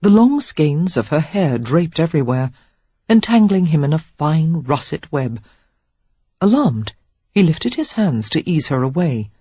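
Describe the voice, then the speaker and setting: Woman narrator, audiobook reading, husky voice, lively pitch, dull dry recording. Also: dry recording. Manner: expressive, measured reading. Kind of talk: scripted narration.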